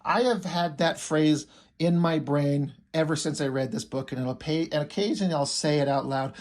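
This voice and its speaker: A man's voice: fairly high pitch, normal speed, darkish tone. A man reviewing a comic book in a loose, rambling way, with restarts, fillers and casual swearing.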